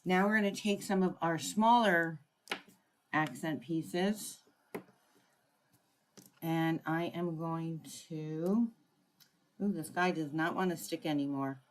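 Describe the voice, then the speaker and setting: A woman's voice: low voice, slow, pauses often, slight background noise. A woman running a live crafting tutorial, chatting through each step and greeting viewers by name. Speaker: craft demonstrator.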